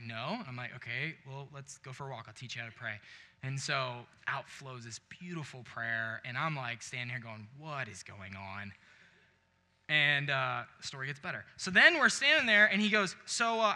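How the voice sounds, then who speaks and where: A man's voice: mid-range voice, lively intonation, normal speed, pushed and bright. A young man preaching a sermon as a pastor, telling a story and acting out both sides of the conversation. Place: church sanctuary. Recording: long reverb of a large hall.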